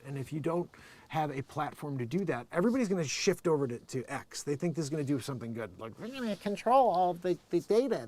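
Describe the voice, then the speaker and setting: A man hosts his own show in a loose, rambling way, joking as he goes. His voice sits a touch high for a man. He drops to quiet mutters, then jumps to loud bursts. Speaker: show host. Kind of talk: casual live-stream commentary.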